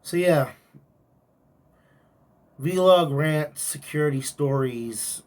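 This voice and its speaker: A man rants into his vlog about a bad coworker, swearing freely as he vents. His voice is husky and a little rough. He sits some distance from the mic. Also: sits high, animated, normal speed. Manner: angry, profane venting. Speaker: security guard. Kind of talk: vlog rant.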